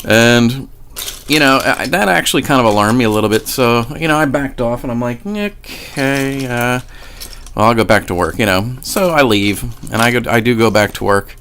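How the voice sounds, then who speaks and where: A man's voice: mid-range voice, fairly quick, fairly bright tone, a little hiss or hum. A man casually telling a personal paranormal story in a rambling, profane way, often restarting his sentences. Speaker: vlogger.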